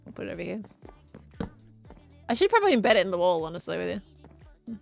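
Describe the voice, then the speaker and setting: An Australian woman streamer rambling in casual chat while she plays a game, chatty and quick to giggle. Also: a little high, big pitch swings, vocal fry, faint music behind.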